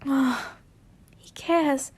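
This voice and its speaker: A woman reading out a smitten teenage boy's inner thoughts from a fanfiction. The voice is soft and wondering, high and slow. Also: steady tone. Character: teenage boy wizard, shaken and smitten.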